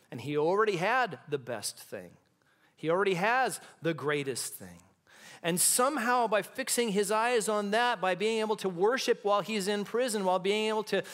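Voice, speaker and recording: A pastor preaching a sermon in a church, building to impassioned peaks and dropping to hushed, quiet lines. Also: male voice, high-pitched. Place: church sanctuary.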